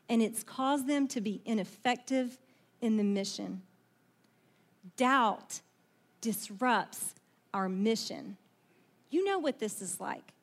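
Woman pastor, high voice, animated conversational sermon, plays out story voices. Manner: conversational, animated, asks the audience questions; acts out quoted voices in the story.

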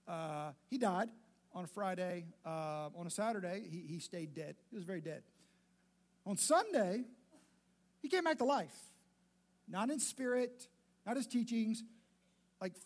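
A man's voice: high-pitched, animated, unhurried, long pauses, darkish tone. A man voicing God as a laid-back, confident father who talks in slang and urges people on. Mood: breezy. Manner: chatty, hyped-up, colloquial.

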